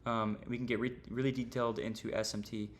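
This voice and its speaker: A man's voice: mid-range voice, little pitch movement, fast talker, a little hiss or hum. A young man teaching trading on a livestream, casual and rambling, full of slang and fillers. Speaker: trading streamer.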